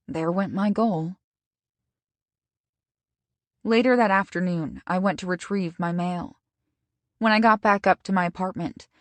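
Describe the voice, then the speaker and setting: A woman narrating a first-person romance audiobook in a slow, even, measured way. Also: fairly low pitch, no echo.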